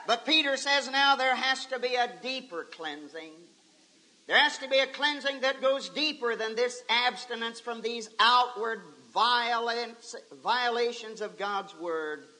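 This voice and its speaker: Man, preacher, fervent camp meeting sermon, very high pitch, bright sharp tone. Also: low-quality recording. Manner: fervent, exclaiming.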